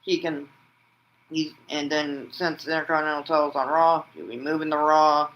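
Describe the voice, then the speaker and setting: Over lo-fi sound, a man with a slightly high, fairly monotone voice hosts a wrestling vlog at a moderate pace, giving excited play-by-play of an imagined bout. His narration rambles and restarts with "and then," punctuated by shouted pin counts and move calls.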